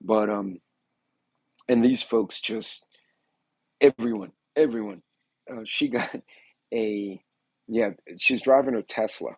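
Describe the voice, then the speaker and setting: A man hosts a casual livestream in a folksy, rambling way. His voice sits a little low and sounds husky. The sound is dry and close, with almost no room echo. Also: slow pace, long pauses. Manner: rambling, folksy, greets chat viewers by name. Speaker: livestream host. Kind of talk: casual political livestream chat.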